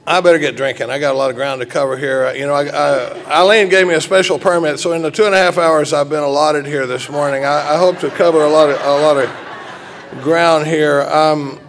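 A man's voice: on the high side, steady tone, brisk, slight background noise. A middle-aged man from Texas, giving a folksy, joking talk to a recovery group with many halts and restarts. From Dallas, Texas. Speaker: recovery meeting speaker.

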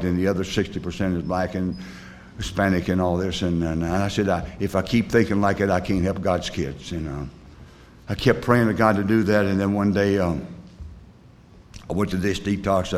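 Folksy low-voiced man telling a story. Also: darkish tone. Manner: folksy, rambling, with many fillers; plain rural grammar. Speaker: recovery sponsor sharing his story. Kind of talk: personal storytelling talk.

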